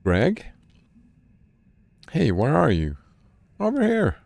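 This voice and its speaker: A man streamer reading a video game's dialogue aloud in a deadpan, unhurried way. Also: on the high side, vocal fry, no echo.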